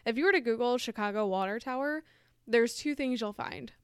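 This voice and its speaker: Chatty woman with a clear voice. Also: on the high side, a little fast, no echo, studio quality. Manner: chatty, laughs easily, self-correcting. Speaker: podcast co-host. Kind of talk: casual chat, reading stories aloud.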